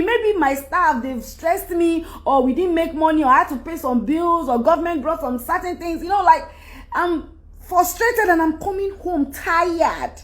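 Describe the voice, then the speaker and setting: A middle-aged Nigerian woman with a Nigerian accent, giving an emphatic, rambling monologue to her followers. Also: high-pitched. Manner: emphatic, rambling, switches into Yoruba. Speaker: celebrity speaking to followers. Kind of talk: candid monologue.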